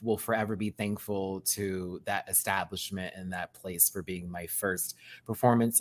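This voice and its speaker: A man who performs in drag, giving a sassy, slangy rant reviewing a reality show and thanking his viewers. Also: low-pitched. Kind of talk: casual reaction rant.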